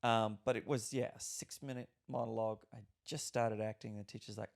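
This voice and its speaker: A young Australian actor talking casually on a podcast, rambling and swearing freely with lots of restarts. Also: male voice, lowish voice, steady tone, a little fast, gravelly.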